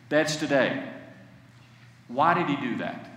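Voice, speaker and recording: Male pastor, high animated voice, impassioned sermon with call-and-response, distant in echoey church hall. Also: unhurried. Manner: impassioned, repeats lines for the congregation to echo. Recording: echoey hall, heard from far off.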